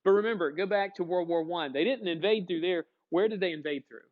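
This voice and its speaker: A man teaching a history class in a folksy, chatty way, often stopping to put questions to his students. His voice sits a bit high for a man. The recording sounds dull and lo-fi. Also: brisk. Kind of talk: classroom lecture.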